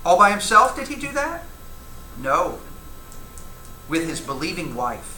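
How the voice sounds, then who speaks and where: A man's voice: sits high, sing-song, unhurried, sharp tone. A man teaching a church Bible class, talking with the class, asking questions and reading scripture aloud. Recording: echoey room, faint ambience.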